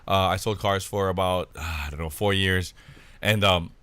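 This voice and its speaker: A man co-hosting a casual podcast, telling stories in an animated way and saying "dude" a lot. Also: low-pitched, moderate pace, smooth, no echo. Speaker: podcast co-host. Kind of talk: casual chat. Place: Hawaii.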